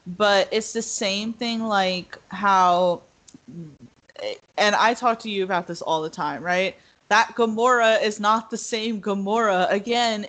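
A woman's voice: mid-range voice, a bit bright. Chatty woman podcast host. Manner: chatty, laughs often. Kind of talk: casual chat.

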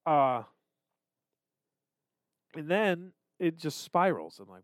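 A man's voice: a little high, big pitch swings, slow pace, long pauses, dry recording. A man co-hosting a podcast, talking candidly and self-deprecatingly about his struggles, swearing freely. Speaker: podcast co-host. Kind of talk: casual confessional chat.

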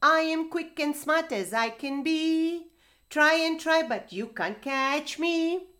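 A woman's voice: a little high, big pitch swings, slow, bright, forceful tone, exaggerated voice. Mouse Deer, a woman playing a sly little trickster. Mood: sing-song. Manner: sly, playful, sing-song. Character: small clever boastful male mouse deer.

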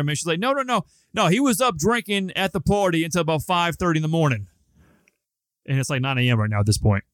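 Young man, podcast co-host, rambling casual storyteller, smooth clear voice, dry close mic. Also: medium pitch, dry recording. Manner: rambling, profane, laid-back storyteller.

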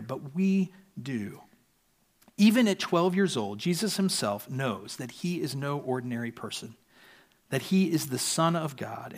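A man preaching a sermon earnestly, his voice softening at the ends of sentences. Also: a little high. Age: adult parent. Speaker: pastor.

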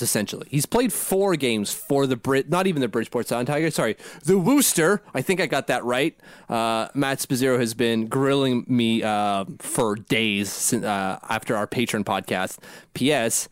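A man's voice: medium pitch, dry recording, studio quality. A man co-hosting a casual sports podcast, rambling and poking fun at himself as he talks. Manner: rambling and self-deprecating, laughs at himself. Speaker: podcast co-host.

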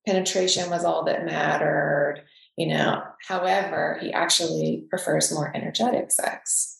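A woman's voice: low-pitched, fairly even intonation, measured pace, creaky, echoey room, rough recording. A woman speaking openly and reflectively as a guest in a podcast conversation.

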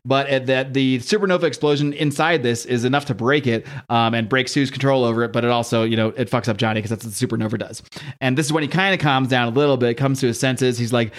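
A man talks quickly and loosely through a comic book recap, in a steady mid-range voice. He laughs now and then and slips into voices for the characters' lines. It is a casual podcast chat. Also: medium pitch. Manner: fast, chatty, laughs often, reads comic lines in voices.

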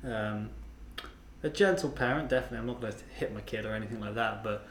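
A man co-hosting a casual couple's podcast, speaking in a halting way with many fillers. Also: fairly low pitch, reverberant, slight background noise. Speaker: podcast co-host.

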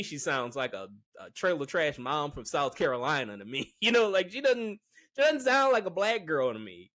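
A man's voice: medium pitch, a bit bright, no room sound, studio quality. A man giving a casual, rambling movie review, frank and full of fillers. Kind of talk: casual opinion monologue.

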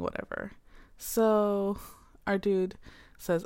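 A woman casually recapping a story's plot, swearing freely and dropping quick asides. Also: medium pitch, fairly even intonation, darkish tone, smooth, no room sound.

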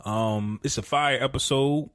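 A man in his thirties co-hosting a casual podcast, talking in slang and jumping up in pitch when he gets riled. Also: measured pace, fairly bright tone, dry recording, clean studio sound. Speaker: podcast co-host. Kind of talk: casual chat.

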